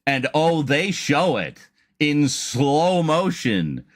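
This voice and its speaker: A man's voice: a little high, very animated, extremely slow, no room sound, studio quality. A man streaming a casual chat, telling a long story in a rambling way with laughs and restarts.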